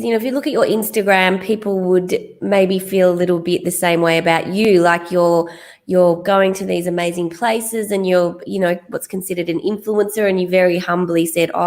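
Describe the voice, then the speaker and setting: A woman's voice: lowish voice, fairly even intonation, fairly quick, a little mellow. A woman hosting a podcast interview, enthusiastic and chatty, asking leading questions. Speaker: podcast host. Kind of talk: casual interview.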